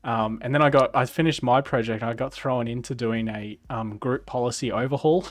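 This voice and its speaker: A man's voice: mid-range voice, fairly even intonation. Laid-back Australian man on a livestream. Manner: laid-back, laughs often, drawn-out fillers. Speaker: host. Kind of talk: casual livestream chat.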